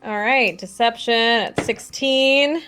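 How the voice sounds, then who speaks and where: A woman's voice: a little high, slow, bright, forceful tone, clear, resonant tone, faint music behind. A woman playing a tabletop game, talking through her rolls in an upbeat, matter-of-fact way. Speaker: player. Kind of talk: casual tabletop game play.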